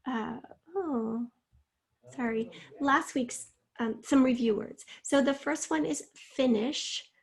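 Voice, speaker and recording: A woman teaches a recorded spelling lesson, breaking each word into syllables with patient, step-by-step explanations. Her voice sits a little high and has a slightly husky edge.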